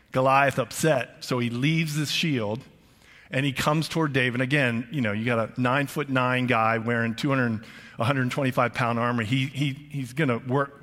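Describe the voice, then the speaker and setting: Older man, pastor, casual emphatic sermon, forceful bright tone, echoing church hall. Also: mid-range voice. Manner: chatty, emphatic, with frequent restarts and asides. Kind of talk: conversational sermon. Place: church auditorium. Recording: long reverb of a large hall.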